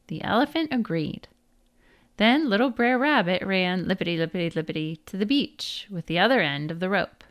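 A woman narrating a folk tale as a storybook read-aloud, with a lively, expressive delivery. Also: medium pitch, moderate pace.

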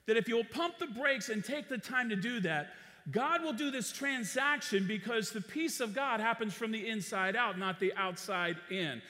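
A man preaching in a church auditorium, his voice very high and bright. He talks in an animated way and throws rhetorical questions at the congregation. A long reverb fills the hall behind him. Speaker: pastor. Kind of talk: sermon.

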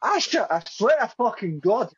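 A shrill, indignant woman swears in outbursts, as a man puts her on in a high, swooping voice. She is sick of being teased. Her voice comes through dull, over a crowd. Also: sing-song, rapid-fire, a bit bright, husky, dry recording, exaggerated voice. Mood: fed up. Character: exasperated woman fed up with pranks.

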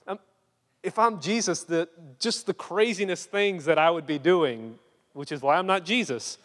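A man's voice: sits high, moderate pace. Young man preaching in a reverberant hall. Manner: conversational preaching, animated storytelling with hushed earnest moments. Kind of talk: sermon.

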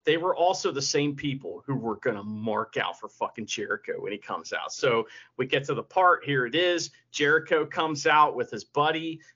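A man's voice: medium pitch, lively intonation, normal speed, hardly any pauses, bright, forceful tone, husky. A man co-hosting a podcast, telling stories in casual chat, laughing often and swearing freely. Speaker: podcast co-host. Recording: lo-fi podcast audio.

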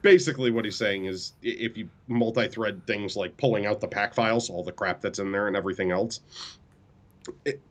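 Low-voiced man explaining tech on a podcast. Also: steady tone, brisk. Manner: explanatory, technical, easygoing. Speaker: podcast co-host. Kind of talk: casual podcast chat.

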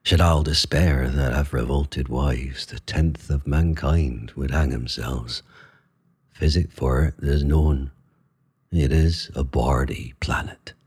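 A man reciting Shakespeare as a jealous, bitter king, with an Elizabethan original pronunciation accent, rolling R's and slow, weighty phrasing. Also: steady tone, darkish tone, exaggerated voice. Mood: brooding. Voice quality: rolling R's, deep and gravelly. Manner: slow, weighty, brooding delivery.

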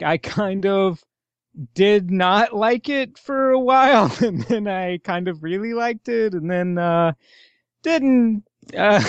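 Podcast co-host, man, high lively voice, jokey delivery. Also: dry recording, highs cut off. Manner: joking, laughs mid-sentence. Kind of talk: casual chat.

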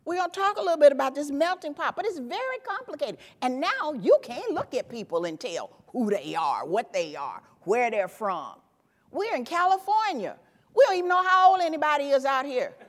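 A high-pitched woman in her fifties delivers an animated keynote from a conference stage, leaning on punchy repeated phrases for emphasis. Her voice rings through a large hall with a long reverb tail. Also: normal speed. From Tennessee, USA. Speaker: keynote speaker. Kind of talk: motivational speech.

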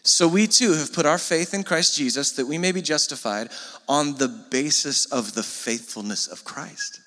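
Male pastor, sermon, bright voice, fairly high pitch, long echo from a church hall. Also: moderate pace. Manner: conversational, animated preaching with asides to the congregation.

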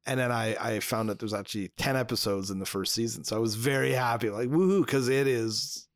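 A man co-hosting a podcast, chatty and quick with agreeing replies. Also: fairly low pitch, fairly even intonation, dry recording, clean studio sound. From Canada. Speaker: podcast co-host. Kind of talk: casual chat.

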